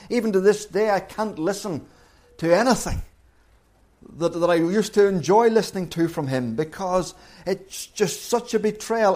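Male preacher, earnest sermon delivery, voice sits a little high. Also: darkish tone. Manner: earnest, wide pitch swings when acting out voices.

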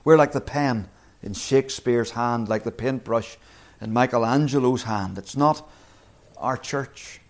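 A man preaching a sermon, earnest, slowing down and rising in pitch when quoting scripture. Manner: earnest, slows and rises on scripture quotes.

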